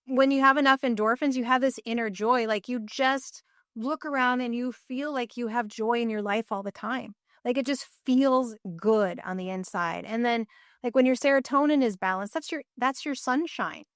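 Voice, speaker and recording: A middle-aged woman, a nutrition practitioner, speaking as a guest in a podcast interview, explaining eagerly in quick lists. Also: on the high side, a bit bright, no echo, clean studio sound.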